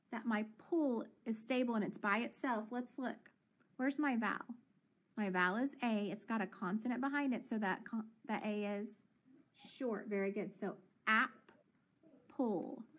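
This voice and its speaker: A woman teacher leading a children's phonics lesson, encouraging and sounding out words slowly. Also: fairly high pitch.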